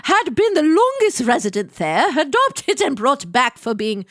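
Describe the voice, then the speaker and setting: A stately posh British lady, as a woman puts her on, reads aloud with careful, dapper enunciation. Her voice sits high and bright, with lively swoops of pitch. It sounds close and dry. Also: measured pace, dry recording, heavily acted. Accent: put-on posh British.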